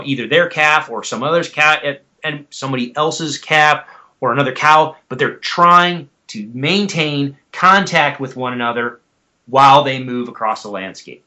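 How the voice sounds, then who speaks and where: This man speaks as a guest expert on elk calls in a podcast interview, explaining in a methodical, teacherly way. His voice sits on the high side and sounds pushed and bright.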